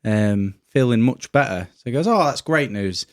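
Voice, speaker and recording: A man's voice: mid-range voice, expressive, moderate pace. A laid-back man co-hosting a comedy podcast, telling a joke in casual chat. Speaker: podcast co-host.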